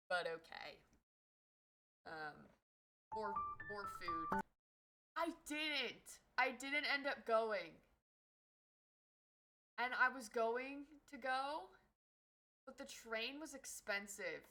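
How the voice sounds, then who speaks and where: A woman streamer telling a story in casual livestream chat, animated and swearing freely. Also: fairly high pitch, slow, pauses often, rough recording.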